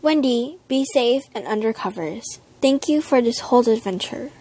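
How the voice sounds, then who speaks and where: A teenage girl playing a brave, boyish hero in a school play, earnest and steady. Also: fairly high pitch, moderate pace. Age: teens.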